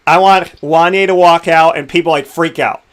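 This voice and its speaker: A young man hosting a casual interview, telling stories in an animated, emotional way. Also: on the high side, moderate pace. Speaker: podcast host.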